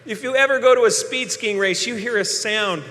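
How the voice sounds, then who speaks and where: Animated man telling a story on stage. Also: sits high, normal speed. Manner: animated, acts out voices and sounds. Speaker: keynote speaker. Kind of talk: live keynote storytelling. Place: large hall with live audience. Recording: long hall reverb, faint ambience.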